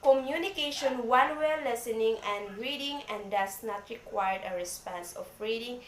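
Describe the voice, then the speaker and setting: A woman with a Filipino accent giving a classroom report, slow and halting, often repeating words. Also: a little high. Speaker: student presenter. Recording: echoey room, faint background noise.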